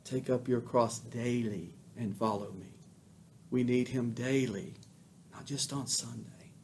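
A man preaching a sermon as pastor, fervent, swelling loud on emphatic lines and dropping soft on quiet ones. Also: medium pitch, unhurried, a little hiss or hum.

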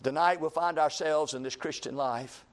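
High-pitched preacher. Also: male voice, normal speed. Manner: rising to impassioned shouts, then dropping low; reads scripture in old-fashioned cadence. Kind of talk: sermon.

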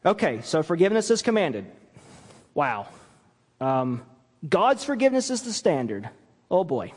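A man preaching from the pulpit in a slightly high, very lively voice that rises and falls as he drives each point home. He slips into little acted-out apologies to make his case. The sound carries the long reverb of a church hall. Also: unhurried, long pauses, husky. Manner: animated preaching, acts out quoted apologies. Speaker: pastor. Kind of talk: sermon. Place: church sanctuary.

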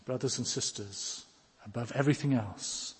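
A man's voice: medium pitch, moderate pace, husky. A man preaching a sermon who tells stories and pleads earnestly with his listeners. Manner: earnest, pleading, rising to emphatic questions. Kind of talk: sermon with storytelling. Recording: long reverb of a church hall.

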